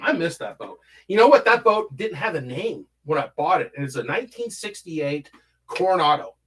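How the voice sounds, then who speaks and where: A man hosting a casual livestream from home, reading chat and rambling through stories, swearing a lot and humming filler syllables while he scrolls. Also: on the high side.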